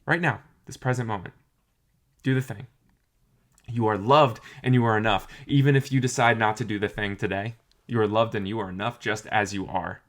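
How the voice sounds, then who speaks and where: A man's voice: lowish voice, fairly even intonation, moderate pace, a bit bright. A young adult man giving an earnest, encouraging talk to camera, often repeating phrases for emphasis. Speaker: motivational vlogger.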